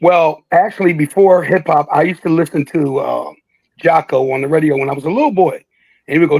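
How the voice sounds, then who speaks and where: An older man tells stories as an interview guest, joking and breaking into impressions. His voice sits high and has a gravelly, husky edge. The sound is close and dry. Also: fairly quick, a little mellow, dry recording, rough recording. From Philadelphia. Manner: jokey, laughs a lot, slips into impressions. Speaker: guest, veteran rapper. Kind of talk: casual interview chat.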